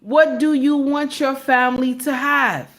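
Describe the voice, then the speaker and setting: A woman delivers a preachy commentary monologue in a high voice. She hammers her points with rhetorical questions and talks to her audience as her sisters, like a sermon. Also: steady tone, a little slow, fairly bright tone. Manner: addresses listeners as sisters, sermon-like. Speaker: online commentator.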